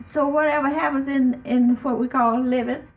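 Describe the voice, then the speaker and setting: A woman's voice: high voice, fairly even intonation, moderate pace. A woman earnestly sharing her view in a group discussion. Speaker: discussion participant. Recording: distant, muffled recording.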